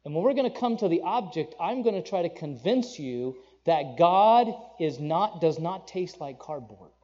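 Mellow animated man preaching. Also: on the high side, normal speed, dull audio. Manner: animated, conversational preaching with asides and jokes. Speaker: pastor. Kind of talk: sermon.

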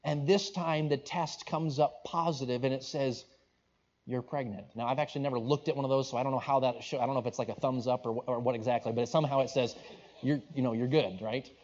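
A man's voice: mid-range voice, steady tone, fast, hardly any pauses, darkish tone. A man preaching, telling a story in a conversational, rambling way with restarts and asides. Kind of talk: sermon storytelling. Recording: dull lo-fi recording.

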